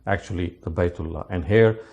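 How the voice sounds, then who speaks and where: A man teaching scripture, explaining word meanings methodically, with frequent restarts and rapid recitation of verses. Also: deep voice, darkish tone, lo-fi sound. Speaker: religious teacher.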